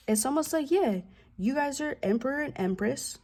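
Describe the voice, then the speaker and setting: Speaking at a moderate pace with lively intonation, a tarot reader delivers a relaxed, foul-mouthed reading. Her voice is a little high and warm, and she sprinkles in slang asides and now and then lowers to a whisper.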